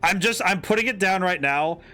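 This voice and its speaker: Male game streamer, excitable and rambling, slightly high voice, light music underneath. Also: moderate pace. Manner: excitable, rambling, stops and restarts, jokey. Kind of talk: casual gameplay commentary.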